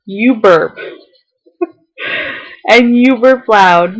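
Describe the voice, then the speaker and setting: A woman's voice: fairly high pitch, extremely slow, low-quality recording. A young woman on a casual vlog, reading a heartfelt letter aloud to her viewers, tearful and fighting back tears, laughing now and then between lines.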